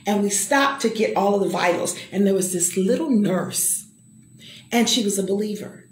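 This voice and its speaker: A woman's voice: mid-range voice, normal speed, roomy sound, slight background noise. A middle-aged woman giving an emphatic, preacher-like personal testimony and calling out to the listener. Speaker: motivational speaker.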